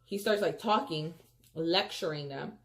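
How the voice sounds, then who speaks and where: Low-voiced woman chatting through a storytime. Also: measured pace. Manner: chatty, addresses viewers as "you guys", heavy "like" and "freaking"; animated, emphatic retelling. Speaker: storyteller vlogger. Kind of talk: casual storytime vlog.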